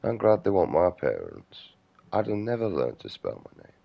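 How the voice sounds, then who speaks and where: A man's voice: low voice, huge pitch swings, normal speed, vocal fry, highs cut off. A middle-aged man, rambling crudely and outspokenly in a casual vlog monologue. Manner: crude, outspoken, mumbling asides. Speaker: vlogger.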